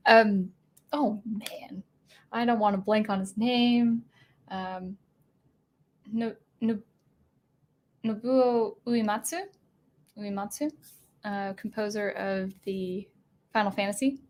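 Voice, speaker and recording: A young woman from Washington state hosting a casual livestream, chatting in a rambling way with many fillers and restarts. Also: mid-range voice. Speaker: livestream host.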